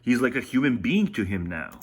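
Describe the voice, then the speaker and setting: A man reacting casually to a radio clip at an average pitch for a man. He is sarcastic and chuckles often between remarks. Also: big pitch swings, a little fast, slightly rough.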